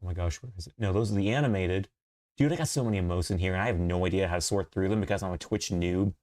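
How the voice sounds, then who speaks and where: Excitable, rambling young-sounding male streamer. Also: fast talker. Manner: rambling and excitable, laughing often, voice jumping high when thrilled. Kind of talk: casual live-stream chat.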